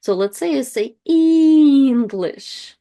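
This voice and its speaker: A woman's voice: mid-range voice, expressive, measured pace, a little mellow. A woman teaching an online language lesson, explaining step by step in a casual way with frequent fillers.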